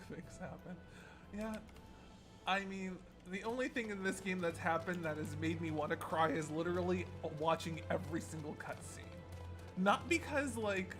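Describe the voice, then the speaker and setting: A young man streaming a game, excitably chatting and laughing often as he gushes over cutscenes. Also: high-pitched. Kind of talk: casual gameplay commentary.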